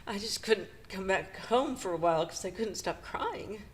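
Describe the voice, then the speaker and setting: A middle-aged woman co-hosting a podcast, retelling a painful personal story in a halting, emotional way with nervous laughs. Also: medium pitch, lively intonation. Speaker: podcast co-host.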